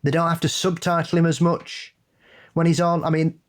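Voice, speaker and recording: A man's voice: on the high side, normal speed. Blunt, opinionated man. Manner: blunt, sweary and opinionated, building to animated laughing rants. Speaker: podcast co-host. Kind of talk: casual chat.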